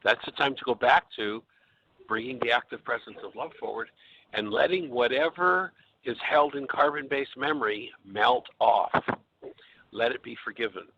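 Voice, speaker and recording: A man hosting a radio call-in show, calmly coaching a caller through his feelings. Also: medium pitch, moderate pace. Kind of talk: calm guiding talk on a call-in show. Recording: slightly dull audio with faint hiss.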